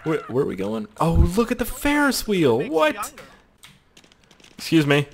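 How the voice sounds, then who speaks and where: A man giving excitable, crude let's-play commentary, swearing a lot and joking to himself. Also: high voice, moderate pace, crowd noise. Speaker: gaming video host.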